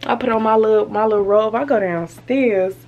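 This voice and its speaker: Animated woman telling a story at home. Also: fairly high pitch, fairly quick, dull audio. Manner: animated storytelling, lots of slang and cursing. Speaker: vlogger. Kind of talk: casual story time to camera. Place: home, indoors.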